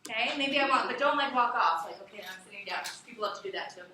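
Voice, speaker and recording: Chatty teacher lady, slightly high voice, far off mic with noise all over. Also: fast. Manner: conversational, animated, asks the class questions. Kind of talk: classroom lecture. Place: classroom. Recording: echoey classroom from far off, with background noise.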